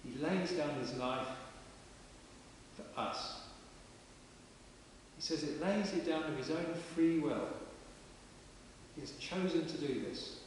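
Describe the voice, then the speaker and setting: A man's voice: a little high, takes it slowly, pauses often. A man preaching a sermon in a parish church, in a chatty, plain-spoken way. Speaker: vicar. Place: large stone parish church. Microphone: distant camera mic. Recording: echoey church from far off with hiss.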